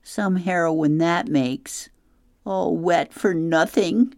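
A woman voicing a young girl who is upset and tearful, her voice rising high and breaking. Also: slow pace, a little mellow, no room sound, clean studio sound. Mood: glum.

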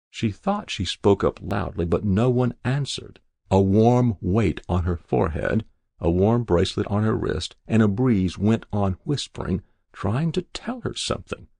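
A man narrating a literary short story in a measured, expressive way. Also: lowish voice, gravelly, breathy edge, dry recording. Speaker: reader.

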